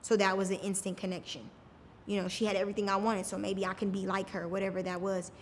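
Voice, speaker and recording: A woman's voice: mid-range voice, flat delivery, quick pace, a little hiss or hum. A woman telling her own story on a podcast, casual and candid, often saying "like". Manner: casual, frequent "like" fillers. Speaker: podcast guest. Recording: reverberant room with faint music.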